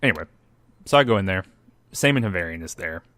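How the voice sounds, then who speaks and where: A man co-hosting a podcast, telling what happened in his video game playthrough in a wry, animated way and acting out the dialogue. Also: deep voice, fast, dry recording. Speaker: podcast co-host. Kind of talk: casual chat recapping a video game.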